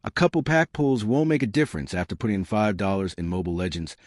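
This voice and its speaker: A man's voice: on the low side, quick pace, a little mellow, dry recording, studio quality. A man hosting his channel, speaking in a disjointed monologue that jumps between tips and numbered lists. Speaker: channel host.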